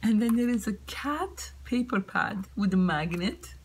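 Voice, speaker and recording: A woman vlogger opening craft mail at home, talking in a soft, hushed half-whisper and gushing over each item. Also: mid-range voice, expressive, a little slow, a little hiss or hum, poor audio. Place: home, indoors. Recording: loud crinkling of paper packaging.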